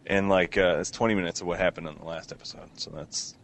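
A man's voice: deep voice, steady tone, quick pace. A man chatting casually, rambling and laughing, with lots of fillers and restarts. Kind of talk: casual chat.

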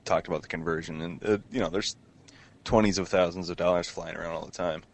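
A man's voice: sits low, steady tone, fast, gravelly. A man chatting casually, rambling and laughing, with lots of fillers and restarts. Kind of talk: casual chat.

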